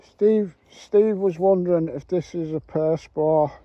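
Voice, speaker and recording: A middle-aged man with a notably high voice, rambling and joking as he talks to his viewers. He is recorded outdoors in open fields while he goes metal detecting. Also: measured pace, no room sound, highs cut off. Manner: jokey, rambling, addresses viewers. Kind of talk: casual chat to camera.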